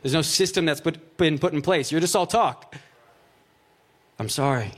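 A man's voice: a little high, a little fast. A man preaching a conversational sermon. He reads scripture aloud, then explains it in plain, joking asides peppered with "like" and "right?".

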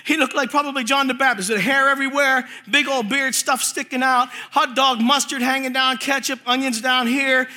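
A man preaching a lively, comic sermon to a church congregation, telling stories with acted-out quotes. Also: very high voice, moderate pace, hardly any pauses. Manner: animated storytelling with acted quotes and laughter.

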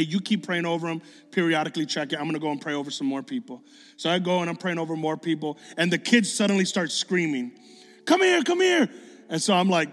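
A man preaching a sermon, telling a story with lively acted-out dialogue and excited bursts. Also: a little high, long reverb tail. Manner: animated, acts out dialogue, builds to excited bursts.

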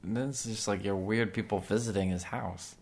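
A man's voice: lowish voice, normal speed, a little mellow. A young man co-hosting a casual chat, joking around and slipping into silly voices. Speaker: podcast co-host.

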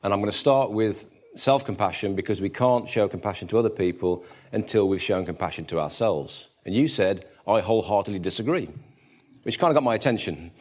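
A man leading an interview with friendly, inquisitive questions. His voice sits low. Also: fairly quick, a little mellow. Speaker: host.

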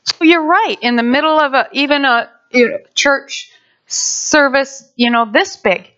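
A woman pastor preaching a sermon in an animated way, breaking into quick voices. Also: high-pitched. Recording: dull lo-fi sound.

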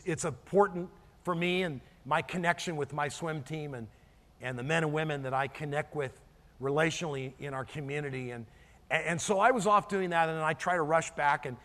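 A man's voice: on the high side, a bit bright, in a large hall. A middle-aged man preaching a sermon as pastor, earnest and storytelling, often restarting and repeating words.

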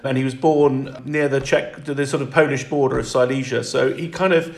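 A man speaking as an interview guest in reflective conversation, halting and restarting often. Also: medium pitch, steady tone, vocal fry, roomy sound.

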